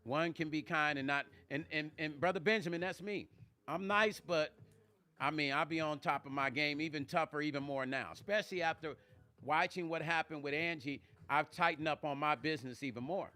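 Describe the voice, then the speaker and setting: A man's voice: on the high side, fairly quick, bright, forceful tone. A man with a New Jersey accent hosting a casual live-stream vlog, chatting with viewers and answering their comments by name.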